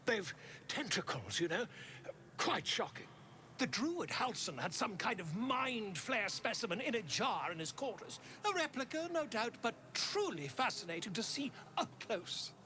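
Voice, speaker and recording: A man's voice: high-pitched, sing-song, normal speed, sharp tone, slight background noise, full character voice. An actor playing a pompous, chatty male traveling author in a video game, with a flowery, theatrical, self-important delivery. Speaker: game character.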